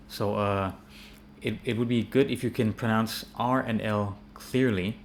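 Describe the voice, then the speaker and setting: A man with a fairly low voice and an American accent teaches pronunciation in an easygoing, unscripted way, often circling back on his words. Faint ambience hangs in the background. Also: unhurried, a little hiss or hum. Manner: relaxed, many fillers and repeated words. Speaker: English teacher. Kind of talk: casual spoken English lesson.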